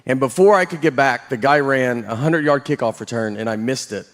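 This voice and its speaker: A man performing a stand-up comedy set, telling stories in a deadpan, self-deprecating way. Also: mid-range voice, brisk, big-room sound. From Southern United States.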